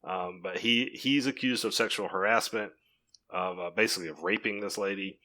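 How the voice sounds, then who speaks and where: A man co-hosts a casual podcast, recapping a film plot. His voice sits low but sounds bright and forceful, and he talks in a relaxed, hesitant way with frequent fillers. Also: normal speed. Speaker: podcast co-host. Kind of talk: casual movie discussion.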